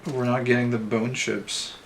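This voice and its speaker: A man's voice: mid-range voice, little pitch movement, moderate pace, vocal fry, a little hiss or hum. Dry, sarcastic man streaming a game. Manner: dry, self-described heavily sarcastic, thinks aloud. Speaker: streamer playing an online game. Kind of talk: casual let's-play commentary, reading game text aloud. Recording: faint game music underneath.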